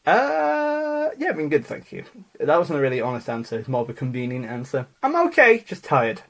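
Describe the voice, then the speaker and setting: A man's voice: medium pitch, sing-song, a little fast, gravelly, a bit bright. A young man co-hosting a podcast in casual, teasing chat, often laughing. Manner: playful, teasing, prone to laughing. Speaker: podcast co-host.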